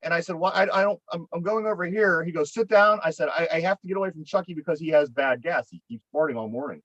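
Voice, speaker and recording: Speaking fast in a high, somewhat bright voice, a Pittsburgh-accented man co-hosting a podcast rambles through a lengthy, foul-mouthed story and keeps repeating himself. It's a casual storytelling chat captured in a dry, lo-fi recording.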